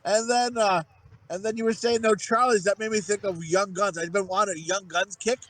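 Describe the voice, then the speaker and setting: A man's voice: high voice, steady tone, moderate pace, fairly bright tone, no room sound, rough recording. A man in his forties co-hosting a podcast, telling rambling, profane stories in casual banter. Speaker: podcast co-host.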